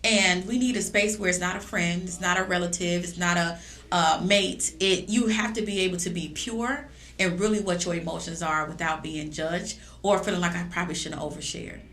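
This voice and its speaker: A woman guest in a podcast conversation, speaking earnestly and affirmingly, jumping higher when she quotes herself. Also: steady tone, normal speed, fairly bright tone. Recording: echoey room with faint noise.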